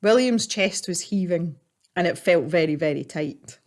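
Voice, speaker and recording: A woman calmly narrating a story while she paints. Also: fairly low pitch. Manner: calm, measured storytelling. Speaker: artist and storyteller.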